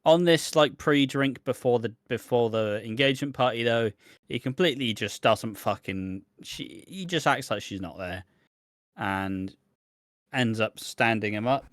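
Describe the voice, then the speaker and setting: A man's voice: mid-range voice, measured pace, dry recording, clean studio sound. A man co-hosting a casual podcast, recapping soap episodes in a chatty, sweary way. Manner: sweary, chatty, acts out quotes in mocking voices. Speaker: podcast co-host.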